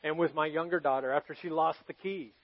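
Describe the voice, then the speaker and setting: A male pastor preaching a sermon, telling personal stories earnestly and moving between loud emphasis and hushed moments. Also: on the high side, steady tone, brisk, highs cut off. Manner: earnest, confessional storytelling to a congregation, swinging from loud to hushed.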